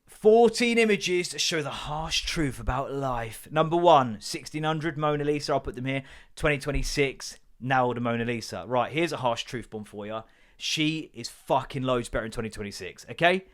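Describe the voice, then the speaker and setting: A man's voice: mid-range voice, lively intonation, moderate pace. A man in his thirties hosting a casual solo podcast, telling stories in a sweary, jokey way and slipping into mock voices. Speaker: podcast host.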